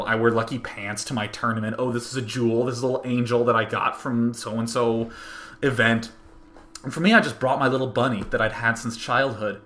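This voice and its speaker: Bright, animated young man telling a story. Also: mid-range voice. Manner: animated, rambling, many restarts. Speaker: host. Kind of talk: casual storytelling monologue.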